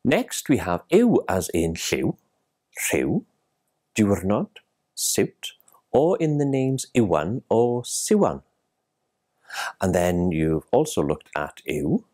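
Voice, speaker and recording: A man's voice: deep voice, sing-song, takes it slowly, warm tone. A man teaching a language lesson in careful, scripted narration, spelling out each sound.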